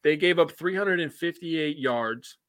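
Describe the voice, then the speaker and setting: A man with an American accent co-hosting a sports podcast, laid-back, reading out game stats slowly with fillers. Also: fairly high pitch, a bit bright, no room sound. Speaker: podcast co-host. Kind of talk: casual sports chat.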